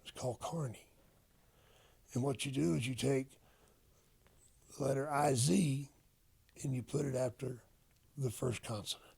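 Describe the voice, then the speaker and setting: An older man, a retired wrestler, telling stories in a casual interview, profane and animated as he acts out old conversations. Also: mid-range voice, a little slow, long pauses. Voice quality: gravelly, husky. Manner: profane, animated storyteller acting out quoted dialogue.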